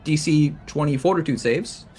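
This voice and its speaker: A man playing a tabletop game, describing his moves in halting, restarting speech. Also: on the high side, a little mellow. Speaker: player. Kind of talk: casual tabletop game talk.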